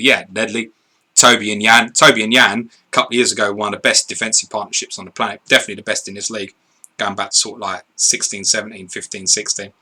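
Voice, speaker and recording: A man's voice: lowish voice, sharp tone. A man, co-hosting a live stream, reading viewer questions and answering in blunt, sweary, casual chat. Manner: blunt, sweary, laughs easily.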